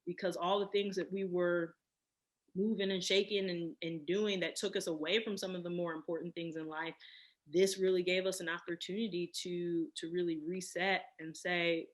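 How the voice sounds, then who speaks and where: A woman in her thirties, a guest on an interview podcast, answering in a reflective, unhurried way. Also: on the low side, flat delivery. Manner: reflective, many fillers and restarts. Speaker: podcast guest, cosmetic chemist. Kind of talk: casual interview.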